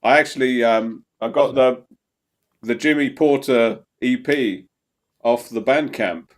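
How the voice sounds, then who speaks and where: A man's voice: medium pitch, unhurried. A man hosting a podcast in casual chat, hesitant and wry, trailing off and circling back. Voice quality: hesitant, vague, full of ums and restarts, wry. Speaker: podcast host.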